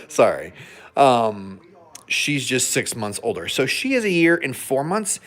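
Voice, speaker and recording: A man's voice: mid-range voice, sing-song, unhurried, fairly bright tone. A man vlogging from a hotel room with his dogs, chatty and digressive, joking and giving training tips. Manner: chatty and digressive, jokes, laughs often. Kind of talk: casual vlog with dog training tips.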